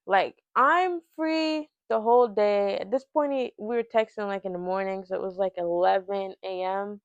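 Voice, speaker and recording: Sassy young woman with a gravelly edge. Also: medium pitch, normal speed, few pauses, dry recording, muffled recording. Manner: sassy, animated, quoting both sides of a chat. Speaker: storytelling vlogger. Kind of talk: casual storytime vlog.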